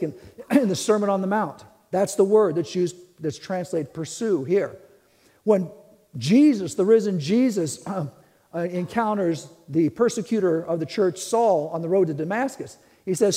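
High-voiced man preaching in a reverberant hall. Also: expressive, measured pace, dark tone. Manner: teaching, repeats phrases, emphatic restarts. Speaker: pastor. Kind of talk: sermon.

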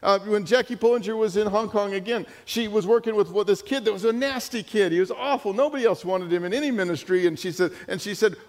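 Man preaching, high voice, lively storytelling, repeats words, echoing church hall. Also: fast, hardly any pauses. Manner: animated, full of restarts and repetitions. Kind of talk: sermon with storytelling. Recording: long hall reverb.

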